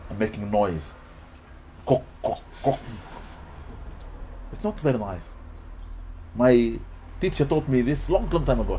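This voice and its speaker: A man's voice: mid-range voice, slight background noise. A man giving a sermon, reciting Arabic verses and explaining them in English, acting out little dialogues. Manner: animated, mixes Quranic Arabic recitation with English teaching, acts out dialogues. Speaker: preacher.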